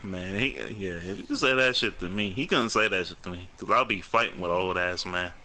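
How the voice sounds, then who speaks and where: A man with a low, sharp-toned voice talks a little fast as a podcast co-host. The conversation is casual, full of cursing, laughter, and mocking back-and-forth.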